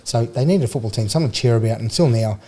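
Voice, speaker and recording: Racing along in a mid-range, dark-toned voice, this forty-something Queenslander, once a rugby league player, guests on a podcast recorded in a radio studio. His storytelling is casual and meandering, laced with blokey slang and laughter.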